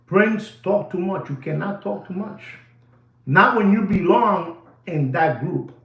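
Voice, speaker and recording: A man's voice: sits high, lively intonation, measured pace, creaky, lo-fi sound. A man hosting a watch channel, rambling and lecturing, repeating himself for emphasis. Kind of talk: rambling video monologue. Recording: echoey room.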